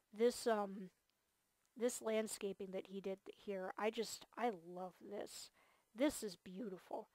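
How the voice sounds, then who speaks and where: A tired, yawning woman hosting a multiplayer game series gives a gushing, enthusiastic gameplay tour packed with fillers. Her mid-range voice is a little mellow, and there's no echo.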